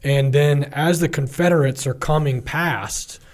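A man's voice: fairly high pitch, unhurried. A man co-hosting a podcast, retelling a story in an enthusiastic, loose way with lots of fillers. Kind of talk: casual podcast chat.

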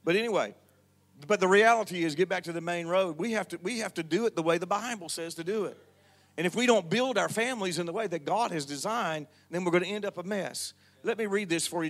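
A man's voice: fairly high pitch, fairly quick, a bit bright. An older man preaching a sermon in a church, calling on the congregation to answer him. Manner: preachy, calls on the congregation to respond. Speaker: pastor.

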